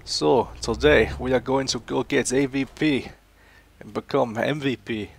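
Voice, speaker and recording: Rambling young British gamer, gravelly voice. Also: male voice, medium pitch, unhurried. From Britain. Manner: rambling, chatty, self-mocking. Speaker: gaming YouTuber. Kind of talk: casual gameplay commentary.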